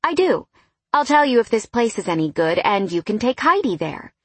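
A woman's voice: on the high side, very animated, moderate pace, breathy edge, no room sound. Woman reading a terse, reserved young analyst. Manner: terse, plain-spoken.

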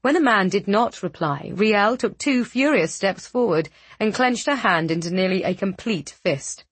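A woman narrating a fantasy novel with measured, dramatic storytelling. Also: medium pitch, expressive, husky, no room sound. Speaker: audiobook narrator.

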